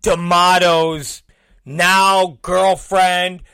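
A man telling a profane story, acting out both sides of old conversations and mimicking others in low, mumbling voices. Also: level tone, extremely slow, sharp tone, clear, resonant tone, no room sound, clean studio sound. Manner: acts out both sides of conversations, swears constantly.

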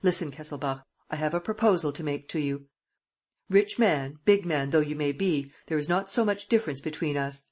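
A brisk, mocking gentleman burglar who gives the orders and teases his captive , as a reader puts him on. His voice is husky and sits at a middling pitch. Audiobook reading. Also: close to an everyday voice. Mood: persuasive. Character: cocky gentleman burglar, adult man.

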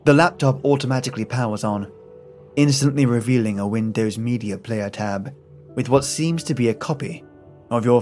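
A man's voice: medium pitch, darkish tone. Man narrating a horror story. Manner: measured second-person storytelling.

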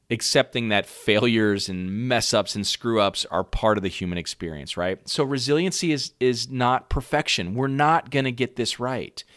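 A man's voice: fairly low pitch, a bit bright, dry recording, studio quality. A middle-aged man, a parent coach hosting a podcast, talking earnestly and conversationally to caregivers and often checking in with "right?". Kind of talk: encouraging podcast talk to caregivers.

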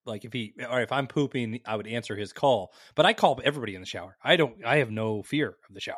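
A man co-hosting a podcast in casual chat, excitable and cursing freely, his pitch jumping when he gets worked up. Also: fast talker, few pauses, no echo, studio quality. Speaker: podcast co-host.

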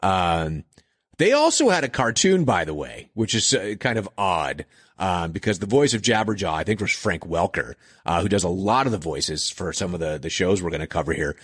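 A man's voice: low-pitched, fairly bright tone, breathy edge, no room sound, clean studio sound. A man in his forties hosting a podcast, talking through childhood memories in a rambling, casual way and laughing at his own slips. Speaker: podcast host. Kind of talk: casual nostalgic monologue.

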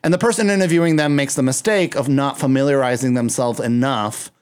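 A man co-hosting a podcast in casual chat, telling animated stories and acting out quotes. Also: mid-range voice, brisk, clear, resonant tone. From United States. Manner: animated storyteller, acts out quotes. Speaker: podcast co-host.

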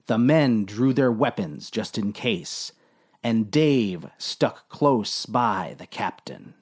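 Casting: deadpan male narrator, slow, lively pitch. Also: breathy edge. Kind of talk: deadpan comic story reading.

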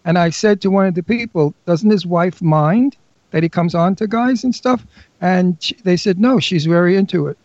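A man's voice: high voice, normal speed, darkish tone, dry recording. A man with a New York accent, co-hosting a radio talk show with brash, crude, teasing banter. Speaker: co-host. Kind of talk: casual radio chat. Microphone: studio mic. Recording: dry, slightly dull studio radio broadcast.

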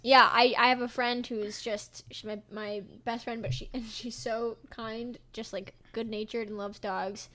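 A woman's voice: on the high side, level tone, measured pace, hardly any pauses, pushed and bright. A woman co-hosting a podcast, chatting casually and throwing in wry, dry remarks. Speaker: podcast co-host. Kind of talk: casual chat.

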